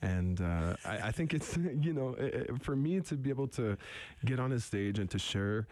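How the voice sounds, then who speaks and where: A young adult man from eastern Canada with a deep radio voice, talking reflectively as a musician guest in an interview, halting and restarting often. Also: expressive, darkish tone. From Wolastoqey territory, eastern Canada. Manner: thoughtful, halting, many restarts.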